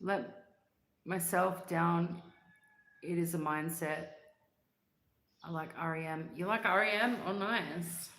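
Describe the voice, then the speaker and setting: A woman's voice: lowish voice, steady tone, slow, gravelly, long pauses, a bit bright, roomy sound, a little hiss or hum. A woman hosting a casual livestream, chatting upbeat with viewers, laughing often and humming bits of songs. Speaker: livestream host. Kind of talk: casual livestream chat reading comments.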